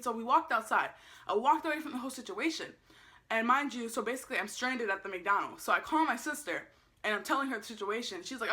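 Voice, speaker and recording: A young woman recounts a story in a casual vlog and slips into the voices of the people in it. Her voice sits fairly high and sounds bright and clear. She talks with lots of energy and swears freely. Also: quick pace. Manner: animated, acts out quotes, swears freely. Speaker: vlogger.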